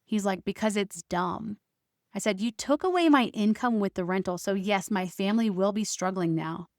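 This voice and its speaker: A woman's voice: mid-range voice, fairly quick, darkish tone, no room sound, clean studio sound. A woman podcast host telling a personal family story as a monologue, recounting arguments by quoting both sides with emphatic stresses.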